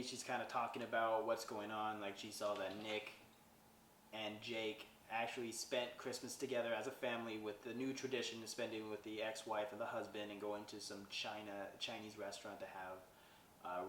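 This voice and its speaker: A man's voice: on the low side, flat delivery, normal speed, a bit bright, slight background noise. A man hosting a podcast, casually recapping a movie plot in a rambling way, often asking "right?". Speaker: podcast host reviewing a movie. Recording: roomy echo, distant mic, faint ambience.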